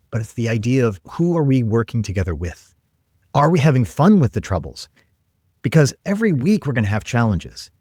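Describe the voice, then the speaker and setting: A man telling work stories as a podcast guest, earnest and energetic, acting out quoted lines. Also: lowish voice, no room sound, clean studio sound. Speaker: guest, tech leader. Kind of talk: conversational podcast storytelling.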